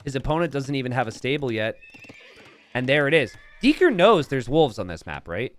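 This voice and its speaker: A man casting a strategy game match, excitable and breaking into shouts and laughter. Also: medium pitch, fairly quick, soft background music. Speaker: game caster.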